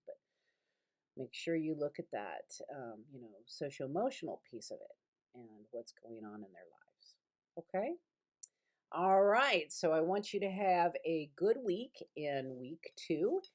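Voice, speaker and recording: A woman's voice: sits low, lively intonation, moderate pace, darkish tone. A middle-aged woman teaching a recorded online lecture from her home, rambling and conversational with many fillers and restarts. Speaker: college instructor.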